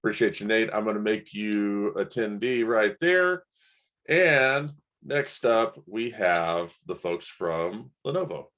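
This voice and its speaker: Deep-voiced man hosting. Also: slow pace. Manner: relaxed, friendly, thanks guests. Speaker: event host. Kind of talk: hosting a virtual conference.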